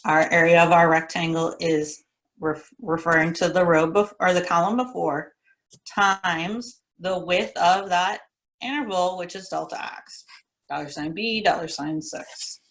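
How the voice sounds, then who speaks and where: Lower-pitched woman teaching step by step. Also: steady tone, measured pace, fairly bright tone. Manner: methodical, repeats key steps, casual instructor tone. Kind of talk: recorded classroom lecture walkthrough.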